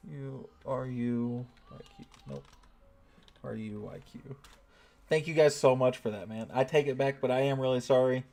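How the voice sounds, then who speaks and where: Man, from the US, game streamer, casual chat with viewers, mid-pitched voice, faint music behind. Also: normal speed, vocal fry. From United States. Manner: chatty, reads out and thanks chat donors. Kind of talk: casual livestream commentary.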